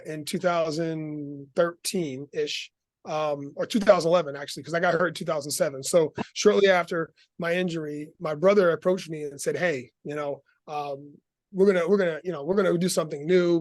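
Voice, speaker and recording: Animated middle-aged man telling a story, dry sound. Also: a little high, dry recording. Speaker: guest. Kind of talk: casual interview storytelling.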